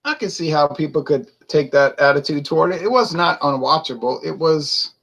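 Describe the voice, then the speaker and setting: A man's voice: a little high, normal speed, gravelly, fairly bright tone. A man reviewing beer in a casual, chatty way, laughing often and reading out viewer comments to his live audience.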